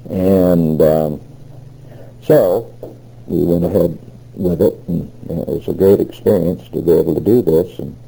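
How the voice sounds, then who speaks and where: Gravelly low-voiced older man. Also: a little slow, warm tone, rough recording. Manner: rambling, retells conversations with many fillers. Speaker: interviewee recalling past work. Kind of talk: oral history storytelling.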